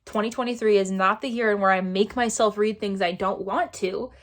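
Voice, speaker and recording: A woman at an ordinary middle pitch talks through a casual book review vlog. Her delivery is exasperated and sarcastic. She keeps circling back to the same phrases to hammer her points home. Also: steady tone, a little fast. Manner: exasperated, sarcastic, repeats herself for emphasis. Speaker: book vlogger.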